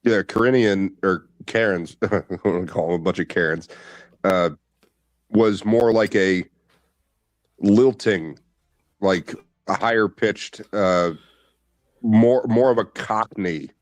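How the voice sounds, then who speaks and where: A man's voice: low voice, slow pace, pauses often, dry recording. A man co-hosting a casual podcast chat, sarcastic and opinionated, rambling as he talks.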